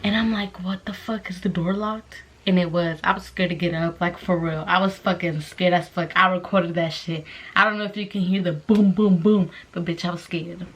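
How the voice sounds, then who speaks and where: In this casual vlog, a young woman with a lowish voice talks a little fast as she recounts a story. Swearing nonstop, she quotes and performs the voices of everyone in it with lively, profane energy.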